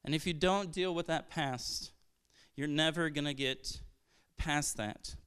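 Pastor guy from brazil preaching, high voice, super clean and clear, earnest, lots of restarts and "isn't it?" questions. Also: measured pace, fairly bright tone. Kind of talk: sermon.

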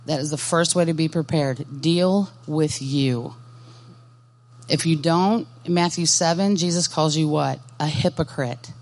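A woman's voice: deep voice, a little slow, darkish tone. A woman giving a Christian ministry workshop talk, speaking in an earnest, direct way and putting questions to her audience. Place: conference workshop session.

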